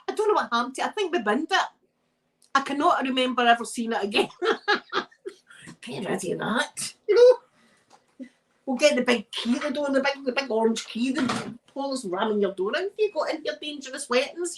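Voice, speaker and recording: Chatty Scottish woman with a lively pitch. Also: moderate pace, poor audio. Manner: chatty, laughing, rambling storyteller. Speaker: live streamer. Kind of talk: casual chat while ironing.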